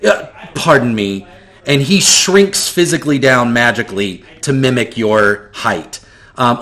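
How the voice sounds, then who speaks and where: A man's voice: medium pitch, fairly bright tone. Rambling male game master. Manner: loose, filler-heavy narration. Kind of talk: narrating a tabletop game.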